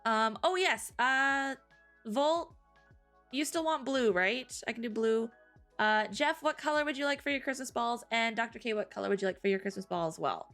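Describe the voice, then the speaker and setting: A woman co-hosting a live stream, chatting casually, tired after a cry, with frequent giggles and drawn-out exclamations. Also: a little high, fairly bright tone, faint music behind. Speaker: streamer co-host.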